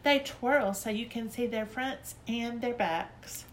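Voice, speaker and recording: A woman voicing a bossy, showy little girl in a storybook reading, shrill and drawn out. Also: takes it slowly, a little hiss or hum. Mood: dramatic.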